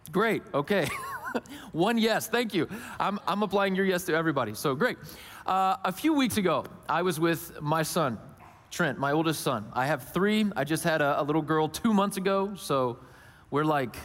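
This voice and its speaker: A man in his thirties giving a conversational sermon, telling a personal story with animated quotes. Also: fairly high pitch, long reverb tail. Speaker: pastor.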